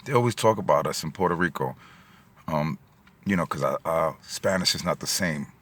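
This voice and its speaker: A middle-aged man with a New York accent tells a story in a casual vlog, filmed in and around his car at a gas station. His very deep voice is a bit bright, with lively intonation and a moderate pace. He rambles, uses lots of fillers, and becomes emotional.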